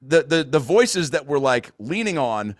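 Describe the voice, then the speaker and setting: A man's voice: on the high side, very animated, unhurried, no room sound, clean studio sound. An American man hosting a podcast, chatting casually in a rambling, loose way with plenty of swearing. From United States. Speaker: podcast host. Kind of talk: casual chat.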